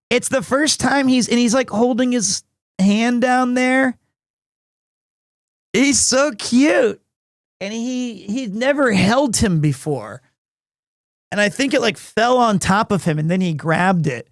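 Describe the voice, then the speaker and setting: A man's voice: high voice, lively intonation, takes it slowly, long pauses, no echo, studio quality. A man hosting a game livestream, chatting casually in a gushing, rambling way and often repeating his words. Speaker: livestream gamer host. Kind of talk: casual stream chat.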